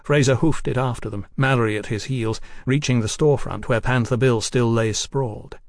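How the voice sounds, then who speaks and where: A man narrating an audiobook in a steady, even storytelling manner. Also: mid-range voice, normal speed, no room sound, clean studio sound.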